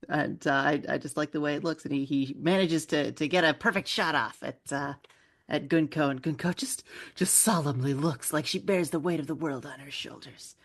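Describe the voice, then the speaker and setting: A woman's voice: deep voice, normal speed. A woman on a podcast, casually recapping manga chapters and playfully acting out characters' lines as she goes. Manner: playful, acts out characters' lines while summarizing. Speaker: podcast co-host.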